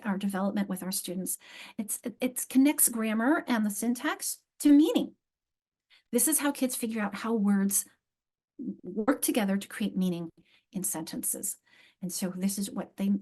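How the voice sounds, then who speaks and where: A woman's voice: a little high, darkish tone. A woman presenting an online literacy training over a video call, explaining with frequent restarts and emphatic examples.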